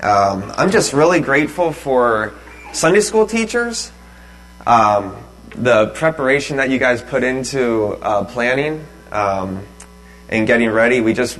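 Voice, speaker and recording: Slow-talking pastor, halting and relaxed. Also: male voice, medium pitch, poor audio. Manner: relaxed, halting, with many ums and uhs. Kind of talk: sermon.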